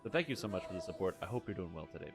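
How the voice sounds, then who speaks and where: Low-voiced joking male game streamer. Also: lively intonation, rapid-fire, creaky, over music. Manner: rambling, joking, reads chat aloud. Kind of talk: casual gameplay commentary.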